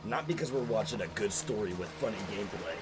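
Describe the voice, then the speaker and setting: A young man hosting a co-op gameplay stream, bantering loudly in slang and shouting directions to his partner. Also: lowish voice, animated, fast talker. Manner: loud slang-heavy banter, shouting instructions. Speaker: streamer host. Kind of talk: casual co-op gameplay chat. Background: game music.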